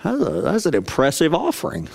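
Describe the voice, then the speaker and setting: A preacher voicing puzzled disciples who are impressed by big offerings and question a small one. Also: male voice, a little high, huge pitch swings, fairly quick, vocal fry, a little mellow, exaggerated voice. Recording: long reverb of a large hall.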